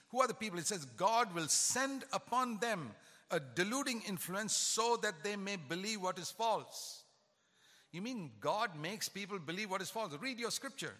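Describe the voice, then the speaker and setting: Older male preacher, emphatic sermon, bright voice, long hall reverb. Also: sits high. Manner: emphatic, rising to stress points.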